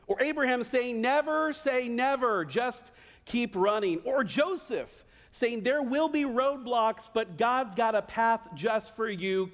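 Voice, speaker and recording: A man preaching a sermon with a notably high voice, animated and vivid, sometimes acting out cheering voices. The sound carries a long church-hall reverb. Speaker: pastor.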